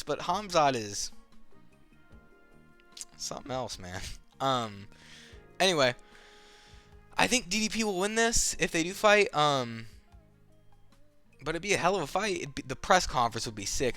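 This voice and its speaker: A young man delivers a casual, rambling fight rant full of swearing and strong opinions. His voice is bright and edgy, and faint music sits behind it. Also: fairly high pitch, sing-song, measured pace, pauses often. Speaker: MMA commentator.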